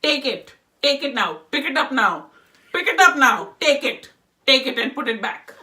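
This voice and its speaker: A woman voicing a stern, scolding grandmother with a put-on Indian accent, repeating loud commands. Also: sits high, expressive, normal speed, voice pushed up. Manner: loud, repetitive, nagging commands.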